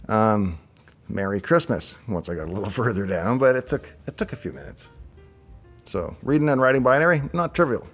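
Low-voiced middle-aged man musing aloud. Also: lively intonation, a little fast, a bit bright, soft background music. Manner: musing, chatty, thinks aloud with asides. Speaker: show host reviewing software designs. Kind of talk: casual screen-reaction commentary.

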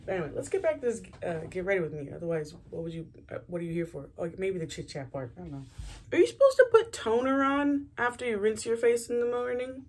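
A young woman with a slightly hoarse morning voice, chatting casually while doing her morning routine for a vlog. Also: medium pitch, very animated, fast talker. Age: young adult. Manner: chatty, rambling, self-deprecating. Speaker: beauty vlogger. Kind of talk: casual get-ready-with-me chat.

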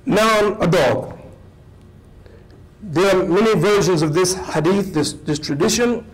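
An imam giving an animated sermon-style lecture to a live audience, repeating phrases for emphasis and putting questions to the listeners. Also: male voice, high voice, slow pace, rough recording. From United States.

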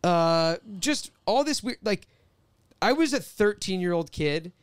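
A man in his twenties, a podcast guest, telling an animated story and reading out old posts. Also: high voice, a little slow, smooth, no room sound, studio quality. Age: 20s. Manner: animated storytelling, quoting tweets. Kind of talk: casual podcast chat.

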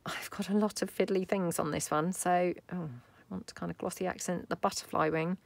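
A craft video host from the UK works at her table, her fairly low voice brisk and steady with some vocal fry. The recording is dry. She keeps up a casual, chatty running commentary, thinking aloud and slipping in quiet asides.

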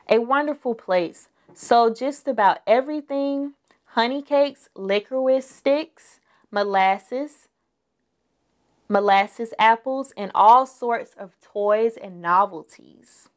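A woman voicing a lively, teasing grandmother bear in a read-aloud storybook. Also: fairly high pitch. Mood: reminiscing.

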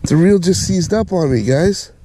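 Excitable man fishing outdoors, lively voice. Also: high voice, moderate pace. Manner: excitable, whoops and shouts when a fish bites. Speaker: fishing vlogger. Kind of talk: casual on-camera fishing commentary. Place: outdoors in a boat on a lake. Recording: noisy outdoor lake ambience.

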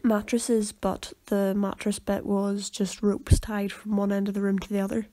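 A young woman co-hosting a podcast, relaxed and rambling in casual chat. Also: mid-range voice, normal speed, dry recording, studio quality. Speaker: podcast co-host.

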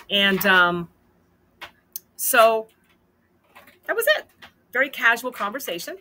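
A woman hosting a casual storytelling vlog, animated and acting out the dialogue in her story. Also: mid-range voice, measured pace, long pauses, noisy background. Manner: animated, acts out quoted dialogue. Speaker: host.

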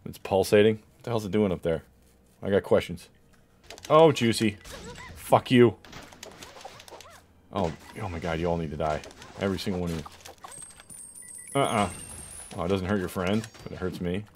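A man playing a video game and reacting out loud, swearing often at the enemies on screen. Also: deep voice, moderate pace, long pauses, a little hiss or hum. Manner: profane, reacting loudly to the game. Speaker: gaming YouTuber. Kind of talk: let's play commentary. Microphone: corded mic, hunched toward screen.

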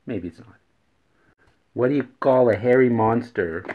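A man's voice: medium pitch, a little slow. A man hosting a daily joke vlog who repeats each riddle and laughs at his own punchlines. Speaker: host. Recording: dull lo-fi recording.

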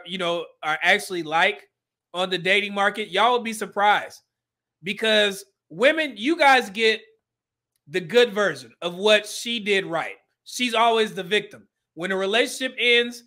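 A man hosts a livestream and comments on clips in a blunt, preachy way, laughing now and then. His voice sits high. It has a bright, forceful edge. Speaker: livestream host.

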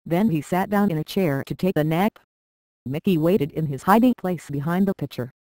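A narrator reading a children's storybook aloud with a steady, even delivery. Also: mid-range voice, normal speed, no room sound, poor audio.

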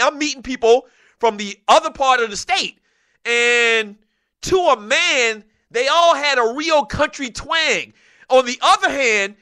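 A man's voice: high voice, dry recording. A middle-aged man from South Carolina with a light Gullah Geechee accent, hosting a casual sports talk show and joking as he reads viewer comments. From South Carolina low country near Charleston. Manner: animated, joking, laughs often. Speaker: show host. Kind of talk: casual sports talk, reading live chat.

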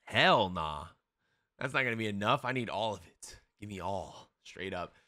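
A young man streaming a live anime reaction, excitable and slangy, swearing often as he comments. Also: fairly low pitch, moderate pace, no echo, studio quality.

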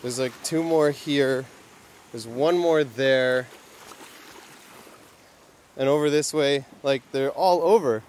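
An upbeat young man talks through his travel vlog in an easy, mid-pitched voice. His narration is loose and chatty, filled with "like" as he goes. A faint hum of outdoor noise sits under him on the beach. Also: slow, long pauses. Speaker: travel vlogger. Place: outdoors on a small island beach.

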